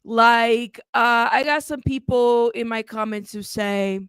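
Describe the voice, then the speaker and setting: A woman hosting a true crime channel, talking in a casual, animated and sassy way, bilingual in Spanish. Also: on the high side, slow pace, few pauses, smooth, dry recording. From United States. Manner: animated, sassy, frequent laughs. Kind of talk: casual livestream commentary.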